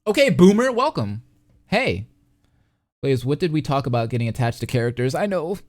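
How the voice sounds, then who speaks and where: A man's voice: mid-range voice, sing-song, normal speed, dry recording. A young man streaming a live reaction, reading a visual novel aloud and chatting playfully with his chat. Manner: playful, chats with his live chat between read passages. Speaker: streamer and commentator.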